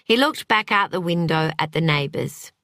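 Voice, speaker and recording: A woman narrating a novel in an expressive, dramatic reading style, recorded on a close studio mic. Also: low-pitched, normal speed, vocal fry, dry recording. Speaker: audiobook narrator. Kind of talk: scripted narration.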